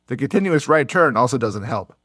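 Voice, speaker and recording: A man co-hosting a podcast who tells a history story in a relaxed, playful way. He slips in goofy little whoops now and then. His voice sounds dry and close, with no room around it. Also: medium pitch, brisk, no room sound. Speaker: podcast co-host.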